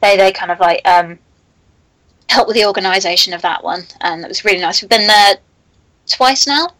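A woman's voice: mid-range voice, moderate pace, fairly bright tone, no room sound, rough recording. A woman, a comic creator guest, chatting casually on a podcast with many ums and likes. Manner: hesitant, lots of ums and likes.

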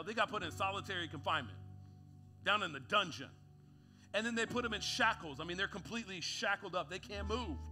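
A man's voice: high-pitched, pushed and bright. A man preaching a sermon, acting out quotes and building in intensity as he goes. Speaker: pastor.

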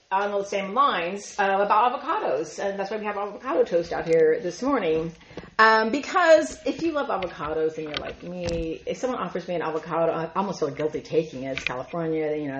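A woman speaking at a women's ministry gathering, telling a funny story to a live audience. She is chatty and animated, laughs often and uses lots of "like". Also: medium pitch. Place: event room. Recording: echoey, muffled room recording.

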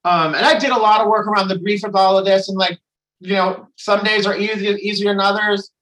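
A man's voice: high voice, fairly even intonation, a little fast, fairly bright tone, rough recording. A man sharing candidly at a recovery meeting, rambling with restarts and frequent swearing. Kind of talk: candid personal share.

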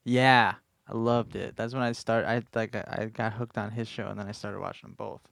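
A man's voice: fairly low pitch, steady tone, fairly quick, vocal fry, fairly bright tone, no room sound, clean studio sound. A man co-hosting a podcast in casual chat, joking and mocking himself in banter. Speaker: podcast co-host.

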